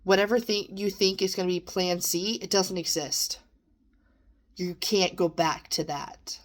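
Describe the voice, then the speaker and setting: Speaking at a measured pace, with a low-leaning voice and fairly even intonation, a young vlogger offers a reflective monologue. She is earnest and emotional, nearly crying at moments as she urges herself and her audience on.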